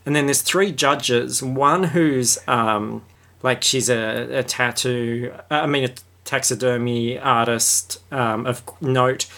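A man's voice: mid-range voice, fairly even intonation, slow pace, bright, forceful tone. Laid-back man rambling. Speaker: podcast co-host. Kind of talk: casual chat.

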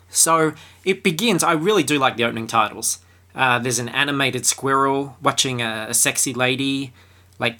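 A man with a bright, forward voice and mid-range pitch delivers a comedic film review monologue. He talks in an irreverent, crude and sarcastic way, with plenty of mockery.

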